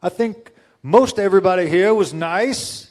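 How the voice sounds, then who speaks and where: A man doing an impression of a gruff older male wrestling coach who lectures and calls people out, in a loud, higher voice. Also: unhurried. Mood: lecturing.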